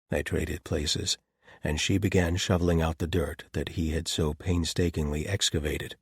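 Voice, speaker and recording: Low, husky male audiobook narrator. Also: flat delivery, moderate pace, dry recording, clean studio sound. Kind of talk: scripted narration.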